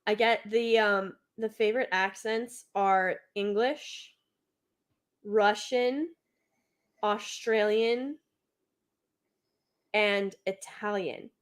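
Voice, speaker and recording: A woman's voice: medium pitch, fairly even intonation, drawn-out words, pauses often, clean tone. A woman from the United States, chatting casually as a podcast co-host in a playful, teasing way. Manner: playful, teasing, laughs often. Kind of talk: casual chat.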